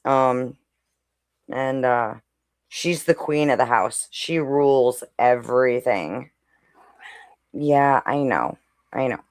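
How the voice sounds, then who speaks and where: Slow-talking chatty woman. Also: extremely low pitch, no room sound, clean studio sound. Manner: chatty, coos and talks to her pets while speaking. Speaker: co-host. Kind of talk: casual chat.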